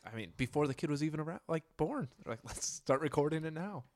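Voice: mid-range voice, expressive, fast talker, darkish tone. A young co-host with a mid-range voice chats casually on a podcast. They toss in dry, wry quips between the other host's lines. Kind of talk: casual chat.

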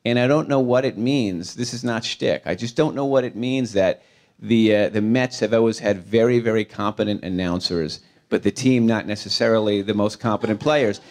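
A man's voice: fairly low pitch, moderate pace, a little mellow. A man interviewing a guest onstage, asking questions in a conversational, wry way.

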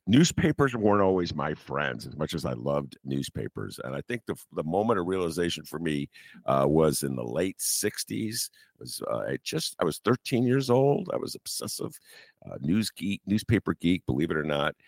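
Gravelly, very deep-voiced older host. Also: male voice, no room sound, clean studio sound. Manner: rambling, animated, many "uh" pauses. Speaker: podcast host. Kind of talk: casual monologue.

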